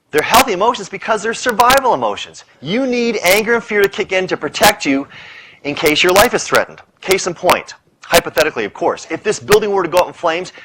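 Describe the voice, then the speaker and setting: A middle-aged man giving a public lecture on stress, an animated storyteller who rattles off punchy lists and playful asides. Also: high voice, rough recording. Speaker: speaker on stress. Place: lecture hall with audience.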